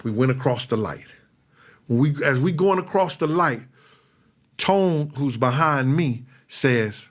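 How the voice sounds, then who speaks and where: Animated man telling a story. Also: a little slow. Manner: animated, acts out other people's lines with big jumps in pitch. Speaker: former bodyguard recounting events. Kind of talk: storytelling in an interview clip.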